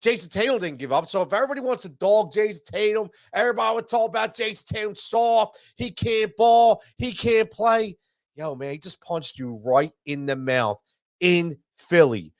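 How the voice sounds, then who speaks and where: A man's voice: high voice, animated, brisk, no room sound, studio quality. A man hosting a sports show, ranting after a loss, stammering and repeating himself, stuffy from allergies. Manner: heated, repetitive, stammering restarts. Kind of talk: frustrated postgame rant.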